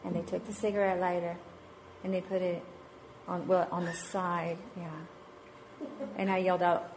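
Speaking at a parenting session for a church group, this woman in her thirties, mother to five, pokes fun at herself and laughs a lot as she discusses faith and raising kids. Her low voice stays steady and unhurried over faint background noise.

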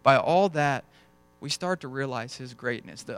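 A man's voice: mid-range voice, animated, moderate pace, hardly any pauses, smooth. A young adult man preaching a sermon in a conversational storytelling way, acting out bits of dialogue as he goes. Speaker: pastor.

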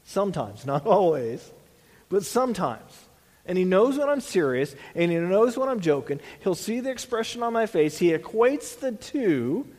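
A man's voice: high-pitched, sing-song, moderate pace, a little mellow, big-room sound. A man preaching a sermon as a pastor, earnest, restarting phrases and dropping in "you know" asides.

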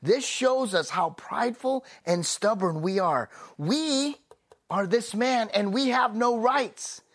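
A male pastor preaching a sermon, emphatic, slowing down on key phrases and dropping soft and low at the close of a thought. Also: animated.

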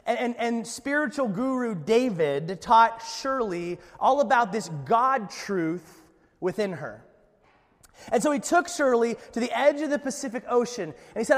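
A man preaching a sermon in a church, telling a story with lively energy and frequent restarts. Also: high voice, normal speed, in a large hall. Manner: animated storytelling with many restarts. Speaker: pastor.

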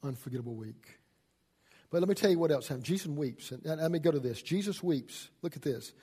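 A man preaching a sermon as a pastor, folksy and swinging from loud emphasis to hushed asides. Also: a little high, lively intonation, brisk, husky.

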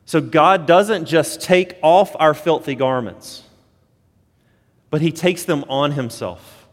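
A man's voice: a little high, slow, long reverb tail. A man preaching a sermon as pastor, earnest and building to emphatic points.

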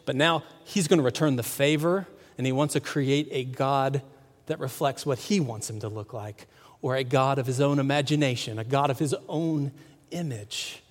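A man's voice: medium pitch, normal speed. Guy preaching in a church, chatty, asks the crowd stuff, big echoey hall. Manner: conversational preaching with rhetorical questions. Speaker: pastor. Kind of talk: sermon. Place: church sanctuary. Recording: long hall reverb.

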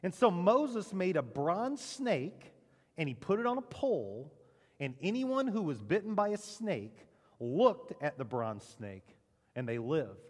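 A man preaching a sermon as pastor, with dramatic emphasis and a lively delivery. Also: measured pace, long reverb tail. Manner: animated preaching with dramatic emphasis and lowered punchlines. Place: church sanctuary.

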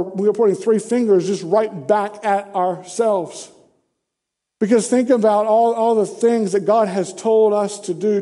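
A man with a high yet mellow voice preaches a sermon, talking it through conversationally and firing off rhetorical questions. His words ring out with a long reverb, as in a large church hall.

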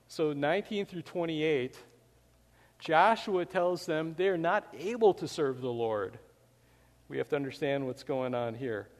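In a church with long hall reverb, a pastor preaches at a measured pace, his voice fairly high in pitch. He speaks in a conversational way, peppering his sermon with many "you know" fillers.

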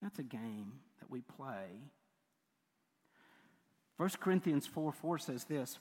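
A man's voice: fairly high pitch, animated, moderate pace. A man preaching a sermon as pastor, chatty, laughing often and breaking off mid-sentence. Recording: long reverb of a large hall.

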